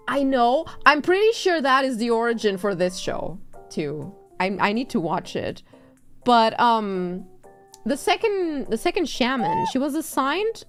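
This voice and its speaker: Lively, swearing woman streamer. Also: sits high. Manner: animated storytelling, swears freely, laughs often. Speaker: VTuber streamer. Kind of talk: casual stream chat.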